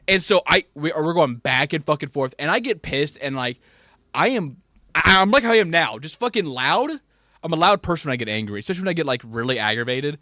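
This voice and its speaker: A man telling a work story in casual chat, animated and profane, jumping between loud rants and quiet asides. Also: on the high side, a little fast, no room sound, studio quality. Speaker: podcast host.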